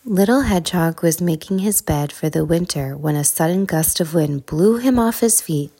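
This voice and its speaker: A woman narrating a children's storybook in a calm, soothing way. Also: on the low side, moderate pace, husky.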